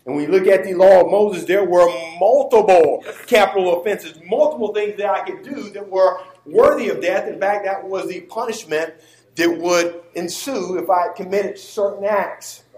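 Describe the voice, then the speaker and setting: A man's voice: high voice, darkish tone, echoey room, low-quality recording. A man preaching a sermon to a congregation that answers back, stressing his words with emphatic inflection.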